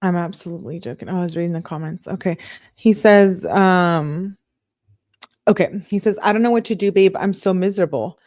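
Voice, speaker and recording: Low-voiced woman reading texts aloud. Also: darkish tone, dry recording, clean studio sound. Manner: reads quotes then breaks in with quick reactions. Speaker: online true-crime show host. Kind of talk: reading text messages aloud with live commentary.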